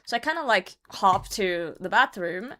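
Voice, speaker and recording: Animated woman streamer, swearing freely. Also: mid-range voice, normal speed. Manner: animated, swears often, laughs while telling. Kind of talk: casual storytelling on a livestream.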